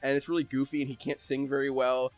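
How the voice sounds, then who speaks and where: A man hosting a casual podcast, recounting stories in an animated, rambling way and breaking into laughter as he talks. His voice sits at a medium pitch, with faint music playing underneath. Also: quick pace. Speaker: podcast host. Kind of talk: casual chat.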